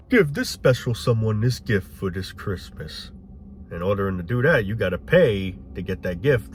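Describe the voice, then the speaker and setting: A man's voice: on the low side, fairly bright tone, a little hiss or hum. A man ranting cynically in a rambling, profane casual monologue.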